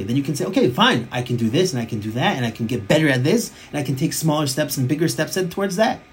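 A man delivers a Torah class at a quick clip, his voice sitting a little higher than most men's. He leans on words by repeating them and drops Hebrew and Yiddish terms into plain speech. A faint hiss of noise runs underneath. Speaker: rabbi teaching a class.

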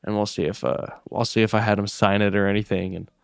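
A man's voice: on the low side, level tone, fast talker, vocal fry, smooth, dry recording, studio quality. A young man co-hosting a podcast, telling a rambling story in casual chat and swearing freely. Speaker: podcast co-host.

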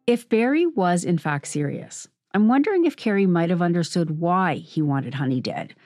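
A woman narrates a true-crime documentary in a measured, scripted way. Her voice sits low, and it is recorded close and dry. Soft music plays underneath. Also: dry recording. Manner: measured, even storytelling. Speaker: podcast host and narrator.

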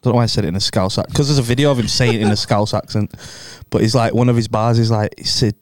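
Man, podcast co-host, casual banter, wisecracking, smooth, dry. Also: medium pitch, fairly even intonation, rapid-fire, no room sound.

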